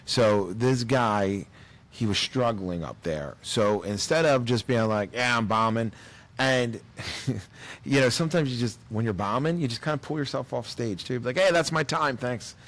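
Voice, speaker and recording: A man's voice: medium pitch, moderate pace. A man, a comedian chatting on a podcast and telling stories with acted-out voices. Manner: animated storyteller, acts out voices. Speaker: comedian guest. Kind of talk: casual podcast chat.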